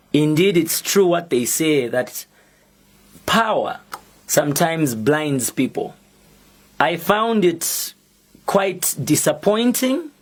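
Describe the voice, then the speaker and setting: A young Zambian man with a Zambian accent, making a measured, defiant public statement as a musician and activist. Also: fairly high pitch.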